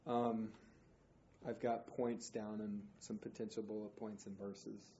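A man teaching a Bible study group in an informal, animated way, acting out quotes with slang. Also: fairly low pitch, unhurried. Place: indoor room, group class. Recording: roomy, dull, faint noise.

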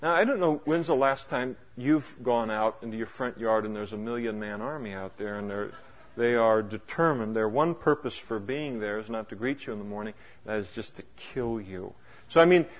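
A man preaching a sermon, swinging between hushed asides and loud emphatic exclamations, with wry humorous asides. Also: mid-range voice. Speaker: pastor.

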